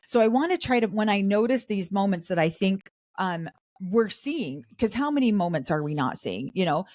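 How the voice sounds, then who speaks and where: A middle-aged woman co-hosting a podcast, chatting casually about a show and acting out the cast's lines in quick asides. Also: medium pitch, lively intonation, a little mellow, dry recording. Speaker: podcast co-host. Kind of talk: casual recap chat.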